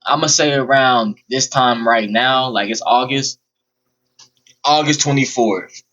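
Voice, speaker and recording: A man's voice: medium pitch, a little slow, sharp tone, dull audio. A young man rambling bluntly and profanely through a personal storytime vlog. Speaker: vlogger. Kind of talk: casual storytime monologue.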